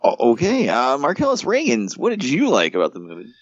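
A man hosts a casual movie-review podcast, joking and swearing his way through rants. His pitch is lively and jumps around. The sound is dry and somewhat dull. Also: fairly quick, husky, no room sound. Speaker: podcast host.

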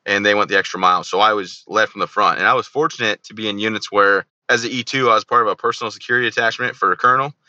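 A man in his thirties talks fast in a lowish, forceful voice, cracking jokes and acting out quoted dialogue as he tells army stories. His voice sounds dull and lo-fi, in a dry room with no echo. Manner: joking, animated storyteller who acts out quoted dialogue. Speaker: podcast guest, army veteran. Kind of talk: casual interview storytelling.

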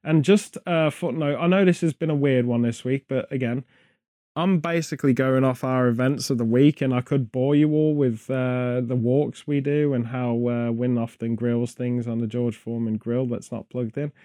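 A man's voice: mid-range voice, fairly even intonation, normal speed, dark tone, no echo, clean studio sound. A British man hosting a podcast, rambling through casual chat full of wry, absurd jokes. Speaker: podcast host.

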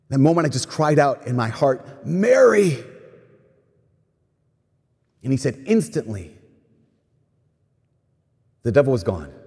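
A man with a husky, slightly breathy voice delivers a storytelling sermon, slipping into the voices of the people he quotes. His words ring out with a long reverb, as though spoken in a large hall. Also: medium pitch. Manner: animated retelling with quoted voices. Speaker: preacher.

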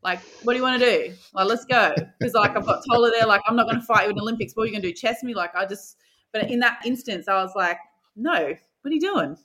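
A woman's voice: on the high side, quick pace, pushed and bright. A young woman, a basketball player guest in an interview, telling stories casually and acting out her own thoughts with the odd swear. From Australia.

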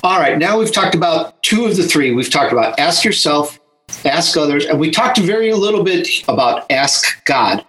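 Male interview host, fairly high voice, upbeat, pushing the book. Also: lively intonation, normal speed, fairly bright tone, poor audio. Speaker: podcast host. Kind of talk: interview hosting.

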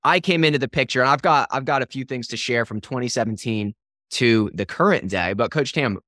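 A man co-hosting a podcast, speaking in a relaxed conversational way. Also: mid-range voice, fairly quick, dry recording, studio quality. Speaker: podcast co-host. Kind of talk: casual podcast chat.

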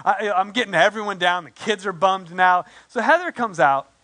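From the pulpit, a pastor in his forties tells a story at a moderate pace, lively and self-deprecating, slipping into the voices of those he quotes. His voice is high for a man, bright and clear, suiting this storytelling sermon.

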